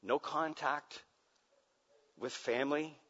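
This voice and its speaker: A male pastor preaching a sermon dramatically, dropping to a hush and then rising to near shouts. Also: fairly high pitch, steady tone, slow. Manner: dramatic, swings from hushed to loud shouting. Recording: muffled sound with long hall reverb.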